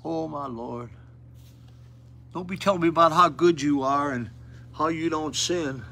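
A man's voice: a little high, measured pace, vocal fry, sharp tone, a little hiss or hum. Fervent folksy older man preaching. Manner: folksy, plain-spoken, with fervent rising appeals. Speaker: rescue mission preacher. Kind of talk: sermon. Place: mission auditorium.

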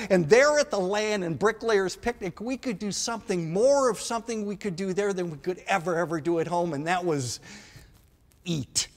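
A middle-aged man from Milwaukee telling comic stories on a theater stage, swinging between loud excited outbursts and soft asides. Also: sits high. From Milwaukee, Wisconsin. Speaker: stand-up storyteller. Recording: long theater reverb.

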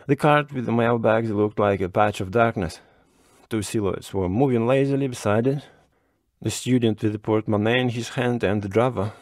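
Male storybook narrator, low, measured and unhurried, dry close sound. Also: no room sound.

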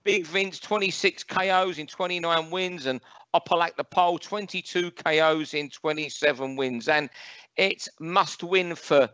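A man's voice: fairly high pitch, sharp tone, smooth, no echo, highs cut off. London man ranting about boxing. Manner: opinionated, ranting, rapid fact-listing. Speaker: boxing pundit co-host. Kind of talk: casual podcast chat.

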